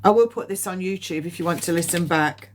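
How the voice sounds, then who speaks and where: A woman's voice: on the low side, fairly quick. A woman giving a live psychic reading, rambling with many ums, coughing often and getting emotional at times. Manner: emotional, near tears at times. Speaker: medium.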